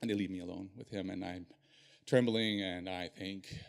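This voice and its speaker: A man telling a personal story on stage in an animated, self-deprecating way. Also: sits low, moderate pace, creaky.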